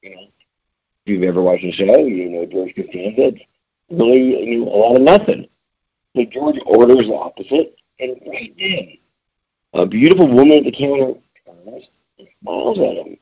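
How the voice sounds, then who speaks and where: A man talks through a small business webinar like a storyteller, his pitch swinging widely and his low voice gravelly and husky. He fills his speech with casual fillers. The audio sounds dull and lo-fi. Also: normal speed. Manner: lively storyteller, frequent fillers. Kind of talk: conversational webinar talk.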